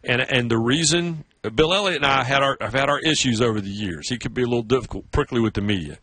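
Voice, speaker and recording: A man's voice: quick pace, dry recording. A middle-aged man from South Carolina with a Southern accent, telling stories as a radio sports host. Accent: Southern American. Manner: animated storyteller, breaks into high mocking voices for others. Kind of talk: casual radio chat.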